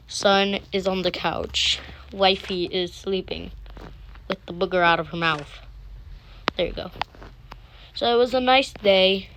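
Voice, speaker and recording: A woman host narrates a toy doll-play story in a casual, chatty way, rambling and restarting as she goes. Her voice is middle-pitched for a woman. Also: background noise.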